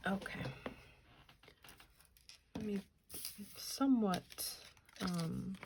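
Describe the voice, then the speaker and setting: Woman in her 30s, slow chatty vlogger counting bills, background noise and clicks. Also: medium pitch. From New Jersey, US. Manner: slow, chatty, counts money aloud, muttering asides. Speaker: budgeting channel host. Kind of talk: casual chat while counting cash.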